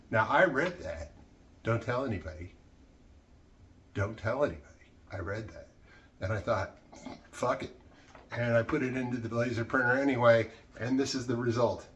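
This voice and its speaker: A man talking casually to his viewers while clearing out clutter, rambling and self-mocking, swearing as he gets worked up. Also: medium pitch, a bit bright, slight background noise. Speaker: vlogger. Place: cluttered room indoors.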